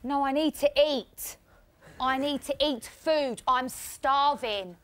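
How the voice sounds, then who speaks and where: Very high-pitched, distressed young woman. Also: slow. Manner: upset, whining, swearing, repeating complaints. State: distressed and near tears. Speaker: reality show contestant. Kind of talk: emotional outburst. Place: indoors in a house.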